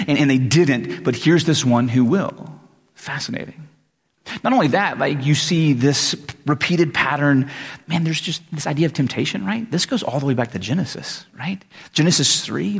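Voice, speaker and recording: A man preaching a casual, conversational sermon, acting out quick voices for the people in his stories. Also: medium pitch, vocal fry, husky. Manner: conversational, animated, acts out voices. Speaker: pastor. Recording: reverberant hall.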